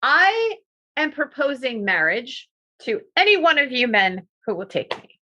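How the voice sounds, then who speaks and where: A woman's voice: sits high, sing-song, a little slow, bright, forceful tone, pitched above the performer's own voice, heavily acted. A woman playing a bold, scheming middle-aged noble widow who speaks in a commanding, sly way. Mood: proud.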